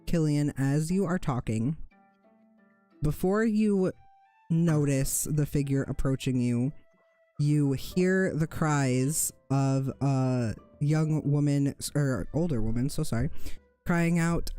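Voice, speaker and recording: A game master narrates a fantasy tabletop game, describing scenes at a slow, careful pace. The voice is mellow and relaxed, with small self-corrections along the way. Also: medium pitch, no room sound, soft background music.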